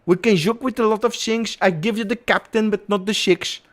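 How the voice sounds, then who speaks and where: A man's voice: fairly even intonation, normal speed, fairly bright tone. A man impersonating an eager male club insider who keeps begging a player to sign. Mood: pleading. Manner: pleading, repetitive, high-energy sales pitch.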